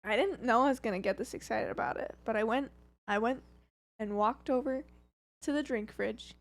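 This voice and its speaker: A woman's voice: a little high, moderate pace. A giggly woman co-hosting a livestream, chatting casually and reading viewer comments aloud. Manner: giggly, laughs often. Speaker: livestream co-host reading chat.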